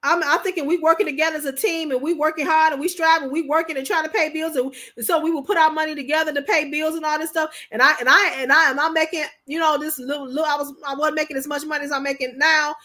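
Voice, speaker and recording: Emphatic high bright-voiced woman. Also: fairly even intonation, fast talker, few pauses. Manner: emphatic, preachy, repeats herself. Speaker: livestream host. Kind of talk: casual livestream talk.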